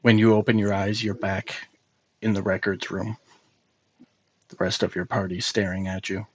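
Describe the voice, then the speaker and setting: A man narrating a tabletop game as game master, in a measured, descriptive way. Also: on the low side, level tone, no echo, lo-fi sound.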